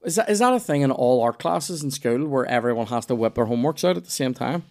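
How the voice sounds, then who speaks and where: A man's voice: medium pitch, lively intonation, fast, darkish tone. Rambling Northern Irish man, chatty storyteller. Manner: rambling storyteller with many restarts and swearing. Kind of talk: casual chat.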